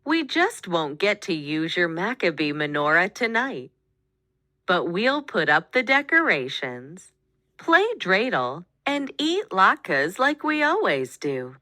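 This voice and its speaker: A woman voicing a kind father in a storybook, gentle and reassuring. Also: fairly low pitch, big pitch swings, slow pace, no echo, clean studio sound, exaggerated voice.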